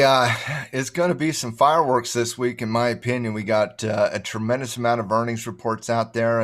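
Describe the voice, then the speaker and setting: Enthusiastic rambling male co-host. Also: medium pitch. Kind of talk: casual promo chat.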